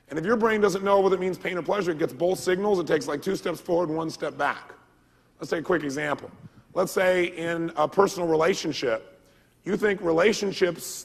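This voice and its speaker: Gravelly man lecturing in a big hall. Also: fairly high pitch. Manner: energetic, quizzes the audience with call-and-response questions. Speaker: motivational speaker. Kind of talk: seminar lecture to a live audience. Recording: long reverb of a large hall.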